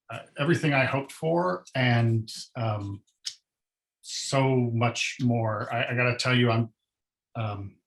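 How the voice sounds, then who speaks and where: A man hosting a webinar over a video call, speaking haltingly with many fillers and open enthusiasm. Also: mid-range voice, poor audio. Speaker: webinar host and moderator. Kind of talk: moderating a webinar Q&A.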